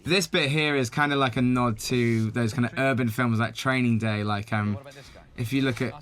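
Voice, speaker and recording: A man's voice: medium pitch, fairly even intonation, moderate pace, a bit bright. A man with an English West Country accent giving a chatty, rambling film commentary, full of likes and kind-ofs. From England. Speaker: film director. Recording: music from the film faint behind.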